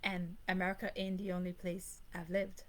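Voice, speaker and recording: Speaking live to her channel, this host from Grenada delivers an emphatic, repetitive monologue punctuated by brief laughs. Her fairly low voice is completely flat in delivery and moves at a moderate pace, captured on a low-quality recording.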